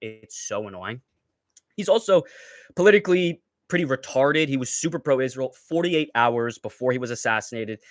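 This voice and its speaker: A man's voice: mid-range voice, expressive, normal speed, no echo, studio quality. A young man hosting a livestream, ranting with heated, profane, mocking commentary. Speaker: livestream host.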